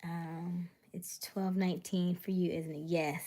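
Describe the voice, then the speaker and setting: A woman hosting a casual late-night live stream, greeting viewers by name and often dropping into a soft whisper. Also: lowish voice, flat delivery, unhurried. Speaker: livestream host.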